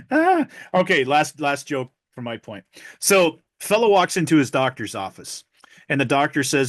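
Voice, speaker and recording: A man's voice: on the high side, big pitch swings, a little slow. Rambling middle-aged male podcast host. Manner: rambling storyteller, many restarts, tells jokes. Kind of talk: casual chat.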